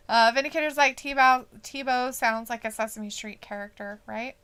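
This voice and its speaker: A woman's voice: fairly high pitch, fairly even intonation, moderate pace, fairly bright tone, clear, resonant tone. A woman from Idaho co-hosting a wrestling watch-along stream, chatting casually, reading out the live chat and laughing often.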